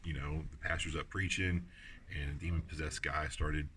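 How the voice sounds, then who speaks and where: A man's voice: extremely low pitch, little pitch movement, moderate pace, a bit bright, a little hiss or hum. A man from the United States teaching the Bible on site at outdoor ruins, talking loosely with many fillers and restarts. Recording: distant mic with clear outdoor ambience.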